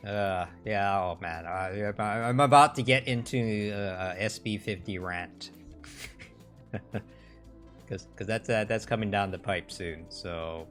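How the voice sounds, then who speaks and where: A man hosts a casual livestream in a fairly low, slightly bright voice at a slow pace, with faint music in the background. He rambles and restarts often, swearing and mocking things in sarcastic quotes.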